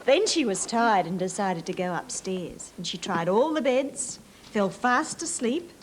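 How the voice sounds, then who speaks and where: A woman's voice: mid-range voice, expressive, measured pace. An Australian woman presenting a children's TV show, telling a story and coaxing answers with questions, on an old hissy TV tape.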